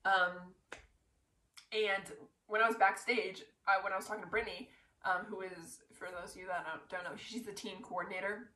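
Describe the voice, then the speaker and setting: A woman excitedly retelling her pageant win to camera, talking in a breathless rush full of "like" fillers. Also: medium pitch, normal speed. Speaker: pageant titleholder. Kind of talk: casual storytelling to camera. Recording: roomy echo.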